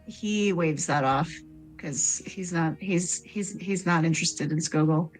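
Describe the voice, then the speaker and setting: A woman with a lowish voice describes her character's actions in a tabletop game. She speaks in a calm, relaxed way. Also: a little slow, soft background music, poor audio. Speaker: player.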